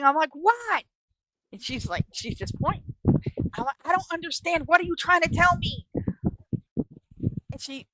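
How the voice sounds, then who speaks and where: A middle-aged woman from New York hosting a live stream, telling a story in a blunt, profane, animated way. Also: medium pitch, dry recording, rough recording. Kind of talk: casual storytelling.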